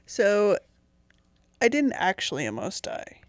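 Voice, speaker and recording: A woman's voice: mid-range voice, wildly swooping pitch, slow pace, no room sound. A young woman podcast co-host telling a long personal story in casual chat, chatty and giggly.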